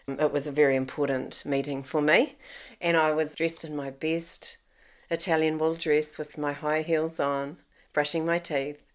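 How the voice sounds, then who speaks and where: A middle-aged woman telling her own story in a lively way, laughing often and acting out the voices of people she quotes. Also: sits low, a little slow. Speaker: interviewee. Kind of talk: personal storytelling.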